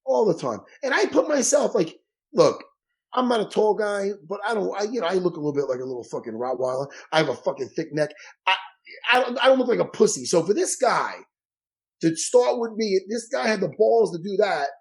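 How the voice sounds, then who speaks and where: A man's voice: sits high, a little fast, vocal fry, low-quality recording. A man, a jiu-jitsu instructor, talking bluntly and profanely in a casual podcast chat. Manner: blunt, profane, animated storytelling.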